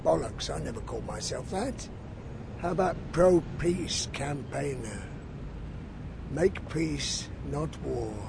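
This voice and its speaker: A man's voice: on the high side, animated, slow pace, creaky, noisy background. A man, a peace campaigner, giving angry, profane interview answers and asking many rhetorical questions.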